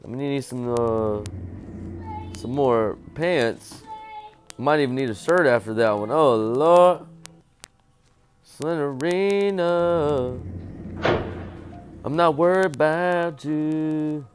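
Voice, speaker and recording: Slow-talking jokey gamer man. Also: soft background music. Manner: jokey, talks to the game character, repeats silly chants; swings from low mutters to loud startled yelps. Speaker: gamer playing a horror game. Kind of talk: casual let's-play commentary.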